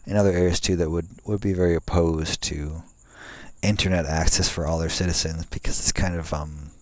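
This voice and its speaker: Deep and darkish in tone, this young male vlogger speaks briskly and steadily outdoors at night, with no room sound. He rambles casually, with lots of fillers and restarts, and swears now and then in a laid-back way.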